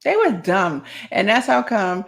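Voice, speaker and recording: A woman's voice: mid-range voice, sing-song, unhurried, vocal fry. A woman with a New Jersey accent hosting a podcast, sassy and playful in casual chat. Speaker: podcast host.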